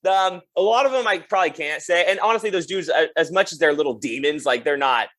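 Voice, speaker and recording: A man's voice: fairly high pitch, fast, a bit bright. A young man chatting as a podcast guest, telling loose stories full of "like" and laughing as he acts out other people's lines. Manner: laid-back storyteller, lots of "like" and laughs, acts out quotes. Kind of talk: casual interview chat.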